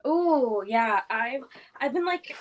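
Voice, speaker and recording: A woman's voice: high-pitched, lively intonation, slow, a little hiss or hum. A young woman guest on a reading livestream, rambling casually with lots of fillers. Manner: chatty, rambling with many fillers. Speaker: guest book vlogger. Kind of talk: casual chat.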